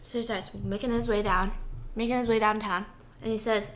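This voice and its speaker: A woman host telling a funny story in a casual, animated and playful way. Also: mid-range voice, fairly quick, slight background noise.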